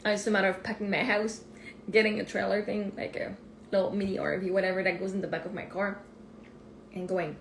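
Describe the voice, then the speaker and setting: A woman, a life coach rambling excitedly and thinking aloud in a casual live stream from her phone. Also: mid-range voice, brisk, vocal fry, slight background noise. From Canada. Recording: roomy echo.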